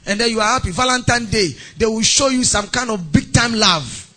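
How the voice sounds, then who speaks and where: Ghanaian male pastor with a high, sing-song preaching voice, playfully acting out scenes. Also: fairly quick. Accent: Ghanaian English. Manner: animated, acts out mock phone calls and scenes. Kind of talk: sermon.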